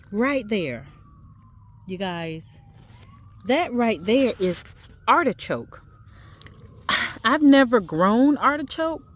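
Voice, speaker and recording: A woman chatting casually while she walks through her backyard garden, speaking in a faith-filled, repetitive way. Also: medium pitch. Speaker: gardening vlogger.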